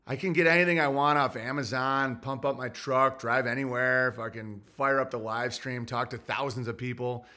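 A man's voice: mid-range voice, steady tone, normal speed, few pauses, sharp tone. Grumpy sarcastic man ranting on a stream. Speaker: livestreamer reading super chats. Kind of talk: solo livestream rant.

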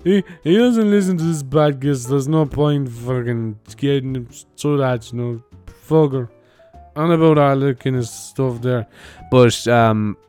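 A young man hosts his podcast alone, rambling from one thought to the next in a voice of ordinary middle pitch. He swears freely and laughs at his own jokes. Faint music and church bells can be heard in the background. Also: warm tone. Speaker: podcast host; comedian. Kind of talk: casual solo podcast chat.

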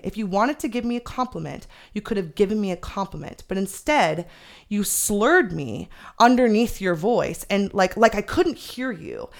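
A young woman guest on a podcast, telling a story in candid, animated casual chat with frequent swearing. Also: medium pitch, moderate pace.

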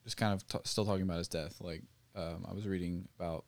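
A man's voice: low-pitched, fairly even intonation, quick pace, darkish tone. A man in a casual faith discussion, sharing reflections hesitantly.

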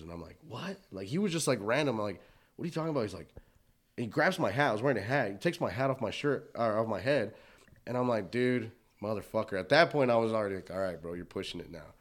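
A man's voice: on the low side, animated, quick pace. A man casually telling a profane bar story, acting out the voices of the people in it.

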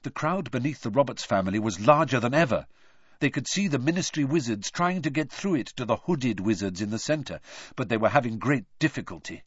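A male audiobook narrator with a lively, rising and falling delivery, reading the story with plenty of expression. The sound is dry and close, slightly dull like a lo-fi recording. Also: medium pitch, husky, dry recording. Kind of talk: scripted narration.

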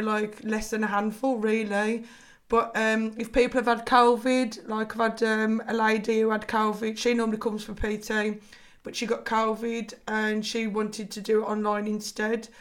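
A woman with a Scouse accent, a personal trainer chatting as a podcast guest, talking freely with lots of fillers and frequent laughs. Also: on the high side. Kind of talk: casual podcast chat.

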